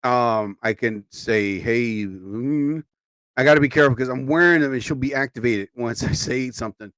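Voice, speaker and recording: On a studio mic with a dry sound, a sleepy man hosts a live show in casual, rambling chat punctuated by frequent exclamations. He sounds tired. His voice sits at medium pitch, a bit bright, at a moderate pace.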